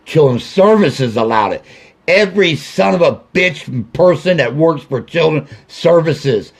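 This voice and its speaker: A furious, grieving father rants into his own video camera. He hammers out accusations and curses, repeating lines again and again. His voice is gravelly with creak and sits somewhat high for a man. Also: expressive, measured pace. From Ohio. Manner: angry, accusing, repetitive, swearing. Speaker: grieving father addressing officials. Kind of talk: angry direct-to-camera video rant.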